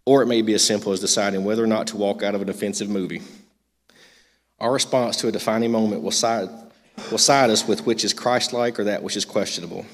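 A man's voice: on the low side, steady tone, fast talker. A man leading a youth group, making loose, rambling announcements full of fillers and then reading a devotional aloud in a church meeting room. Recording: long hall reverb.

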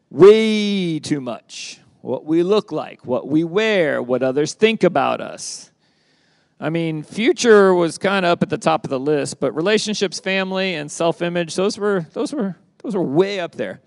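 A man teaching a summer youth group from the Bible, lively and conversational, asking the group questions and repeating their answers. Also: fairly high pitch, measured pace, vocal fry, dry recording. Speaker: youth pastor.

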